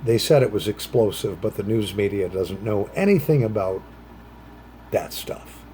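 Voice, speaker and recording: Puffing on a pipe, a middle-aged man vlogs in an expressive, rambling way at normal speed, sometimes fading into low mutters and sometimes leaping into bright, higher voices to quote phrases. A little hiss or hum sits under the recording.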